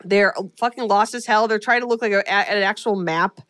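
A woman's voice: medium pitch, fairly quick, clean tone, no echo, studio quality. A woman co-hosting a podcast, recapping a horror movie in casual chat and acting out the characters' lines. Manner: animated storyteller, acts out quotes. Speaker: podcast co-host.

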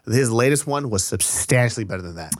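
A man's voice: mid-range voice, expressive, fairly quick, dry recording, studio quality. A man co-hosting a podcast in casual chat, giving blunt, profane opinions. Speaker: podcast co-host.

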